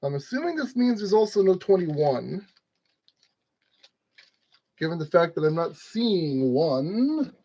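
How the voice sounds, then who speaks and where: Rambling high-voiced man building a kit. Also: sing-song, takes it slowly, long pauses, dark tone, dull audio. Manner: rambling, talks to objects, self-deprecating. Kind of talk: rambling casual build vlog.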